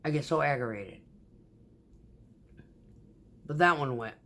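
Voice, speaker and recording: A woman who drives a concrete mixer truck, telling profane, animated stories about her workday in a casual vlog. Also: a bass voice, slow pace. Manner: profane, animated, acts out quoted voices.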